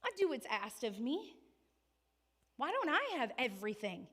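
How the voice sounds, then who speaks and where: A woman's voice: a little high, big pitch swings, a bit bright. Woman playing a bitter, indignant older brother. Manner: indignant rapid-fire questions.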